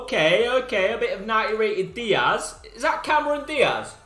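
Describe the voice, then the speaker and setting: A young man with a high voice chats and jokes with his viewers while opening packs on a live stream, teasing them and yelling now and then. His voice rings around a roomy space, with game music faintly underneath. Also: sing-song, moderate pace, few pauses. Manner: banter with chat, teasing viewers, sudden shouts. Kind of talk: live-stream gaming chat.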